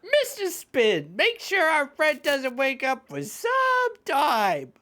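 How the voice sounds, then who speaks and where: A man doing a smug, high-pitched burly thug. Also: wildly swooping pitch, takes it slowly, pushed and bright, exaggerated voice. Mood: gloating. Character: menacing short burly male thug.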